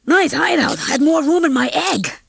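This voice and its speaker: A woman doing a cocky male rooster, wisecracking, fast-talking, lively jumpy delivery, storybook. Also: high-pitched, creaky, no echo, clean studio sound, pitched above the performer's own voice, full character voice. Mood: brash.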